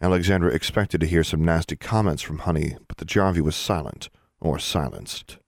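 A man calmly narrating an audiobook. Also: extremely low pitch, moderate pace, vocal fry, no echo, studio quality. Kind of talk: scripted narration.

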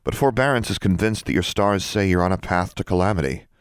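A serious, worried schoolgirl scolds in a reproachful tone, carried by a deep male reader's voice raised slightly, as a man plays her. Close, dry storybook sound. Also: fast talker, clear, resonant tone, dry recording, close to an everyday voice.

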